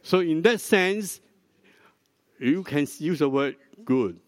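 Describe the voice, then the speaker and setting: An older man preaches a sermon in a slightly raised voice, teaching at an unhurried pace and drawing the congregation in with questions. His voice is close and dry on the mic, with a long hall reverb trailing behind it in the church. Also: fairly high pitch, expressive. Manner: slow, deliberate teaching, prompting the congregation with questions. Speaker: pastor.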